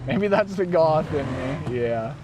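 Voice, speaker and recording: A man live-streaming from inside his van, chatting casually with viewers and his dog, excitable and swearing freely. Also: a little high, unhurried, noisy background. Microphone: desk mic.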